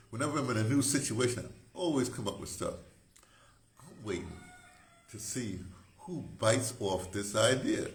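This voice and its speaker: A man's voice: sits low, reverberant, a little hiss or hum. A man hosting his own video, rambling off-script and cutting himself off as he jokes and wanders between thoughts. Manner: digressive, restarts often, jokes with himself. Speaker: video host, former radio broadcaster. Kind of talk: rambling casual monologue to camera. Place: indoor room with incense burning. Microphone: camera mic.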